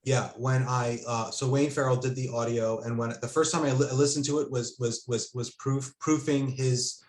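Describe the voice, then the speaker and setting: A man's voice: medium pitch, steady tone, moderate pace. A man talking about his own work as a guest in a casual conversation, full of ums and restarts. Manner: hesitant, many fillers and restarts. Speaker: author and guest. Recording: roomy echo.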